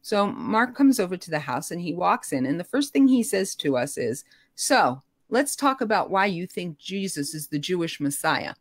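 A middle-aged woman telling her personal story in an animated, expressive way, her voice rising when emotional. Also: fairly low pitch, moderate pace, dry recording, clean studio sound. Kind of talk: conversational storytelling.

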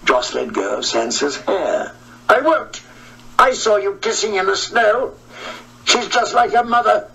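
A man's voice: high-pitched, lively intonation, unhurried, vocal fry, sharp tone, far from the mic, heavily acted, poor audio. A man narrating an audiobook voices a hysterical, jealous noblewoman who sobs and pleads frantically.

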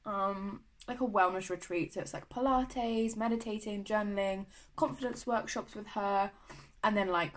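A woman's voice: mid-range voice, steady tone, normal speed, poor audio. A young woman from the UK chatting to camera in a vlog, gushing and full of fillers. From United Kingdom. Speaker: vlogger. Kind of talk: casual chat to camera.

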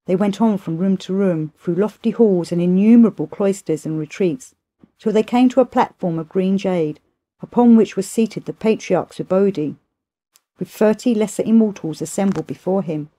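A woman reading a classic novel aloud as steady, measured storybook narration. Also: medium pitch. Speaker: audiobook reader.

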